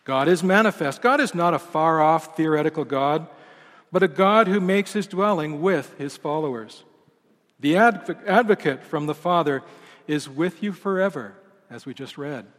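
A man preaching a sermon as pastor, with a measured, emphatic delivery whose lines fall away at the ends. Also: a little high, lively intonation, fairly bright tone. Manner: measured, emphatic delivery with falling line endings. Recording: long reverb of a large church hall.

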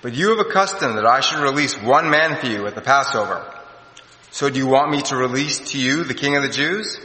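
A man reading scripture voices a stern Roman governor who asks brisk, probing questions. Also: mid-range voice, animated, sharp tone, pitched below the performer's own voice. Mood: questioning. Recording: echoey hall, long reverb.

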